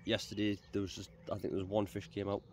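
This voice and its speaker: A fairly low-voiced man chats easily while camped out fishing by a reservoir. He rambles a little and repeats words as he talks. Faint outdoor noise with birds sits behind him. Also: quick pace. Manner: chatty, relaxed, repeats words. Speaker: angler and channel host. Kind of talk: casual outdoor vlog chat. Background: birds and rural ambience.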